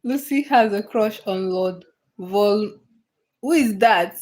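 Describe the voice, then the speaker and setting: A woman's voice: mid-range voice, slow, darkish tone. A woman hosting a casual livestream, answering viewers' comments with frequent laughter and repeated, restarted phrases. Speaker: livestream host.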